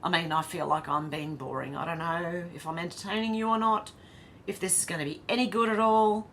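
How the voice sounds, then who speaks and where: A woman's voice: on the low side, steady tone, fairly quick, fairly bright tone, slight background noise. An Australian woman hosting a casual live stream, reading viewer comments aloud, chatty and blunt, laughing often and swearing.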